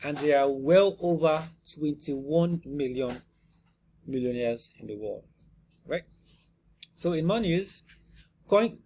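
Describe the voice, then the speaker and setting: A man's voice: medium pitch, warm tone, a little hiss or hum. A man giving casual commentary on cryptocurrency news in an emphatic, rhetorical way. He keeps tossing in "you see?" and "right?" and often restarts or repeats words.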